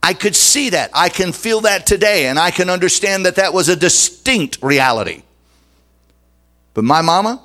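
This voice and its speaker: Emphatic preaching man, somewhat high voice. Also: lively intonation, moderate pace, bright, forceful tone. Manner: emphatic, dramatic preaching, shifting pace. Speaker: pastor. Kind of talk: sermon.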